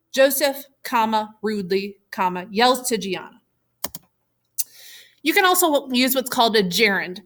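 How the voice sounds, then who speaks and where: A woman teacher giving a recorded lesson, explaining clearly and patiently. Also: fairly high pitch, a bit bright.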